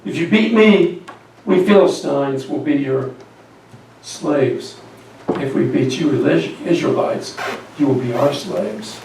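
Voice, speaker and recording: A man's voice: fairly high pitch, slow, a little mellow, heavy reverb, far from the mic, a little hiss or hum, low-quality recording. A preacher voicing a taunting giant warrior man, twang. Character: boastful giant male warrior taunting an army.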